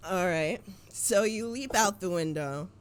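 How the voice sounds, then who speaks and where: A woman narrating a tabletop game as game master in a relaxed, hesitant way with many fillers. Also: fairly low pitch, measured pace, slight background noise.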